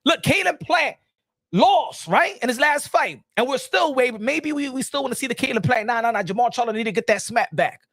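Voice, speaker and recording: A man hosting a boxing livestream, excitable and repetitive, dropping in Spanish phrases. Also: very high-pitched, a little fast, dry recording. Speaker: boxing show host.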